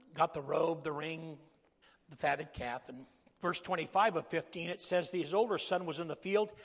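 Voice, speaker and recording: A man preaching a sermon in a folksy, joking way, rising to loud emphatic calls. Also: a little high, in a large hall.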